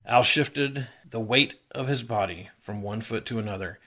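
Brief: male reader, lowish voice, even and dry crime-story narration. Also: normal speed. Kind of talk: reading a hard-boiled crime story aloud.

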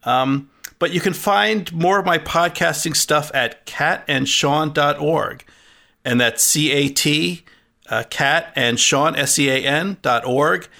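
A man's voice: on the high side, slow, gravelly, sharp tone. A man speaking as a guest on a podcast in casual chat, hesitant with many restarts.

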